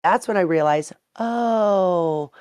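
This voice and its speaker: Casting: woman, 30s, low-pitched, dry close sound, animated swearing storyteller. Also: slow pace, smooth, dry recording. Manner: animated, profane, acts out quotes. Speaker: podcast co-host. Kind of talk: casual storytelling chat.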